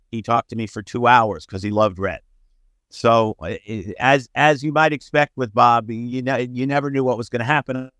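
A middle-aged man from the United States tells stories as a podcast guest. He talks in an animated, anecdotal way at a middle pitch. The recording is dry and close. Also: dry recording. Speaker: sportswriter guest. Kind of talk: storytelling podcast interview.

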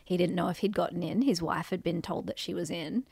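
Australian woman, 30s, low-pitched, dry studio sound, gossipy comic podcast co-host. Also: fairly even intonation, brisk, vocal fry, darkish tone, husky, no echo. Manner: laughing, crude, gossipy. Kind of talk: casual comedy chat.

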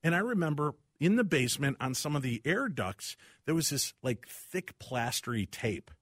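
A man hosting a casual talk show, telling animated, self-deprecating stories about his house. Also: fairly high pitch, normal speed, breathy edge, no room sound, studio quality. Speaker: radio show host. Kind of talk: casual chat.

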